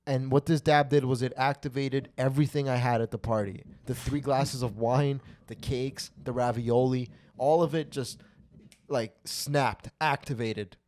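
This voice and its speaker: A man's voice: mid-range voice, darkish tone. A man co-hosting a podcast, telling a profane, rambling, self-mocking story in casual chat. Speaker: podcast co-host.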